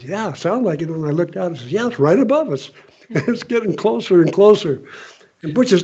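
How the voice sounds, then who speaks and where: A man's voice: high-pitched, expressive, fairly quick, warm tone, breathy edge. An older man reminiscing and chuckling through a story at a panel, in casual chat. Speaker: honored guest. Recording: dull lo-fi audio.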